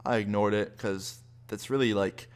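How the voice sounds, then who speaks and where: A young man casually retelling a personal story for his vlog, acting out friends' lines with lively quoted dialogue. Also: on the low side, moderate pace. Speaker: YouTuber.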